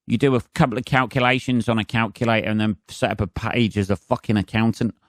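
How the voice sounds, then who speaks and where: A man, a stand-up comedian, rants alone into a close, dry podcast mic. His voice sits fairly low, and his delivery is sarcastic and heavy with swearing. He keeps breaking into mocking impressions as he goes. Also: fairly even intonation, fast talker, no room sound. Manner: sweary, sarcastic, mimics voices mid-rant. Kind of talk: solo comedic rant.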